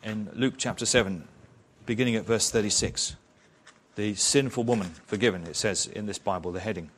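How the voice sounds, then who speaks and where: A man's voice: fairly low pitch, moderate pace. A man preaching an expository sermon in church, retelling a story in a conversational way with rhetorical questions.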